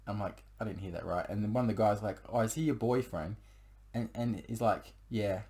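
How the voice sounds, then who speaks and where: Rambling young man, low voice. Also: fairly quick, darkish tone. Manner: rambling, with many fillers and restarts. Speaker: storyteller sharing a personal breakup story. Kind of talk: casual confessional storytelling.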